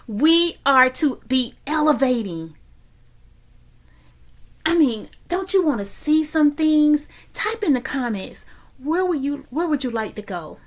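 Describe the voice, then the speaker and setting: A woman's voice: a little high, a bit bright. A woman giving a faith-based motivational talk from her guest bedroom, exhorting listeners with a repetitive, preacher-like cadence. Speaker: motivational speaker.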